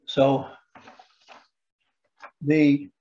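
A man giving political commentary, halting with fillers and restarts, pushing rhetorical questions up in pitch. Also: monotone, warm tone, lo-fi sound. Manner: rhetorical questions with rising emphasis.

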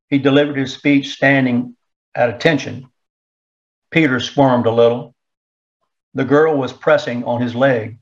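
Male audiobook narrator, slow and measured, mid pitch, dull lo-fi recording. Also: steady tone. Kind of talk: audiobook reading.

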